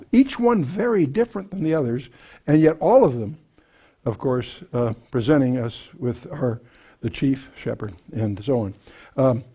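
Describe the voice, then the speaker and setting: A man with a warm, mid-range voice and a breathy edge teaches a Bible passage verse by verse to a live audience. His style is conversational, with folksy asides, self-deprecating humor, and frequent fillers and restarts.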